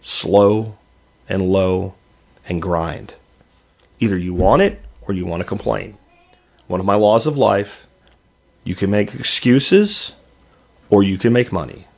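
A husky-voiced middle-aged man talks straight to his listeners as the show host, earnest and emphatic. He lectures with plain, forceful conviction and drops a curse or two. The sound is a little muffled and lo-fi. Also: fairly low pitch, slow, long pauses. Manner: blunt, earnest, emphatic, with profanity. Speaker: podcast host. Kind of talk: motivational monologue.

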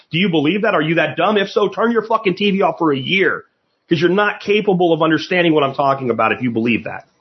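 A man hosting a podcast, delivering a blunt, profane and sarcastic political monologue full of rapid rhetorical questions. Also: on the high side, highs cut off. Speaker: podcast host.

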